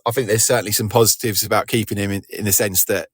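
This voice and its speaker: Deep-voiced rambling man. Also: fairly even intonation, quick pace, breathy edge, no room sound, clean studio sound. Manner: rambling, self-deprecating, many restarts. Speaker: podcast co-host, interviewee. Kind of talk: casual chat.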